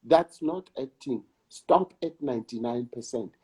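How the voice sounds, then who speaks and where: Guest spot: slow-speaking husky South African actor-director, deliberate and emphatic. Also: male voice, medium pitch, dark tone. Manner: slow, emphatic, repeats words for weight. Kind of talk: reflective conversation.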